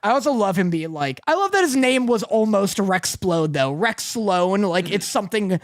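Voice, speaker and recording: Lively young man, dry close sound. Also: sits high, moderate pace, dry recording. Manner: animated, jokey, slips into impressions. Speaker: podcast co-host. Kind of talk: casual chat.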